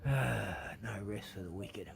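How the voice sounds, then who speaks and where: A man's voice: lowish voice, unhurried, vocal fry. A man ranting casually and swearing as he rambles along.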